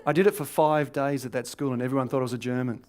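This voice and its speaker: A middle-aged Australian man, a stand-up comedian, telling a true funny story in a lively, animated way. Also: medium pitch, quick pace. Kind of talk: comic storytelling.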